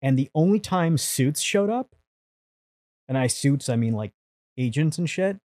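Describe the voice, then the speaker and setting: A man telling stories as a podcast guest, animated and profane, acting out the people he quotes. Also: a little high, a little slow, no echo. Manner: animated, swears freely, acts out quotes. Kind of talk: casual storytelling.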